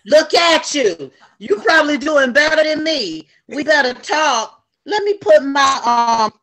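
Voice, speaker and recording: A middle-aged woman telling a story in an animated, preaching way to a group on a video call. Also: high voice, unhurried. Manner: animated, preachy, uses y'all.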